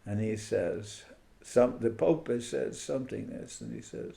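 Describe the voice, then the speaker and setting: A man's voice: fairly low pitch, huge pitch swings, measured pace, gravelly, mellow. A man giving an informal spiritual talk over a video call, musing aloud and stopping to search for words and names. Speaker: spiritual teacher. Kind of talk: informal online talk to devotees.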